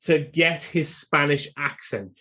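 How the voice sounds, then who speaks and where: A man co-hosting a casual film podcast, jokey and animated. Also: a little high, slow. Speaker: podcast co-host.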